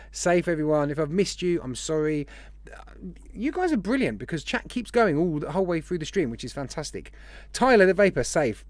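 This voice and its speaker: A man's voice: high-pitched, no echo. A man hosting a live stream, chatting casually and rambling as he greets viewers one by one.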